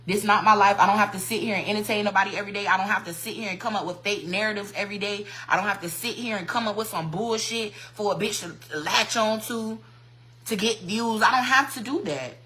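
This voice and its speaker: A woman who works as a hairstylist, ranting bluntly and loudly into her phone on a livestream, full of profanity and combative. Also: medium pitch, fast talker. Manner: profane, blunt and combative, talks loud on purpose. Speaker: hairstylist and social media creator. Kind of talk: heated livestream rant. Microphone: phone mic.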